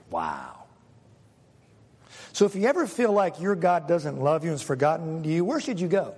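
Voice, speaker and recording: High-voiced pastor preaching in a reverberant hall. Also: male voice, very animated, normal speed, gravelly, slightly rough. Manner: dramatic, acts out quoted voices, swings loud and soft. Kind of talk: sermon.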